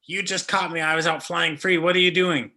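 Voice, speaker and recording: A man voicing a freshly trapped wild hawk, playful and conversational, with a slightly raised bright voice. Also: a little high, level tone, brisk, pitched above the performer's own voice. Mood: indignant.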